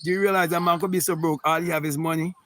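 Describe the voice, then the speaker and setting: A man's voice: on the high side, steady tone, rapid-fire, pushed and bright, a little hiss or hum. A man hosting a spiritual talk, reading viewer comments and answering them in an emphatic, repetitive, preachy way.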